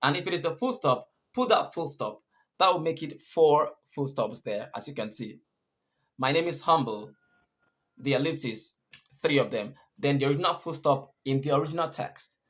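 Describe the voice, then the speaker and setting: A man's voice: fairly high pitch, expressive, normal speed, fairly bright tone. A man teaching English punctuation, patiently repeating and rephrasing each point. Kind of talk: explaining punctuation rules.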